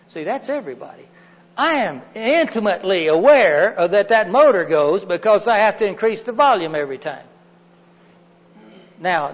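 A middle-aged man giving a live workshop talk in a meeting room, chatty and folksy, often asking the audience questions. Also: high voice. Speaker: workshop lecturer. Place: meeting room with windows and a heater. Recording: dull reverberant room recording.

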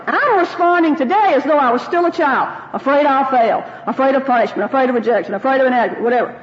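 A woman's voice: high voice, fast, hardly any pauses, a little hiss or hum. A middle-aged woman teaching a group of women about faith and anxiety, folksy and personal, acting out her own prayers. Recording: dull, roomy hall sound.

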